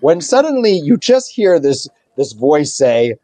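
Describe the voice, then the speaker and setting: Man game master, rambling tabletop narration, lively, dry close sound. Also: on the high side, unhurried, few pauses, no echo. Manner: rambling, full of fillers.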